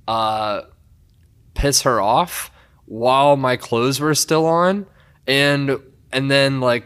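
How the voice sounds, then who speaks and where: A young man swaps stories in a relaxed podcast-style chat, his voice sitting at an ordinary middle pitch. He tells them animatedly and laughs often along the way. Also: clear, resonant tone. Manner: animated, laughs a lot while telling stories. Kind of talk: casual chat, storytelling.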